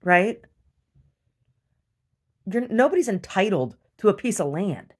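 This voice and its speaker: A woman's voice: mid-range voice, big pitch swings, slow, darkish tone, breathy edge. A woman venting bluntly and profanely in a casual video diary recorded at home. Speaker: video diarist. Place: rural property at home.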